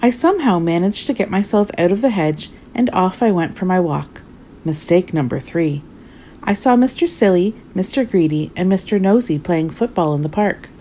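A woman reading a storybook as a clumsy, cheerful male character, telling his own tale of mishaps in a lively, rueful way. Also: fairly low pitch, normal speed, slight background noise, close to an everyday voice.

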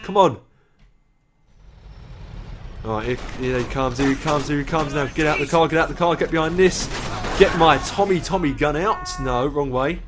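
Casting: tired man doing let's play commentary, slightly high voice, music clearly playing under him. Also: a little fast. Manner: rambling, swearing, self-mocking. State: tired, sleep deprived. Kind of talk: gameplay commentary.

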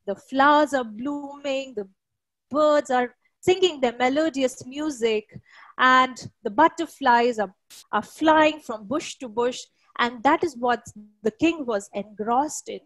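High-voiced woman telling a folktale. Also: fairly bright tone, no echo, low-quality recording. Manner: descriptive, unhurried, with hesitant fillers. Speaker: storyteller. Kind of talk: oral folktale storytelling.

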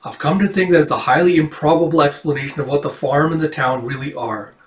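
A man's voice: a little high, fast, close to an everyday voice. A man voicing a fussy, curmudgeonly old male robot who speaks stiffly and precisely. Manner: formal, precise wording. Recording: roomy echo, distant from the mic.

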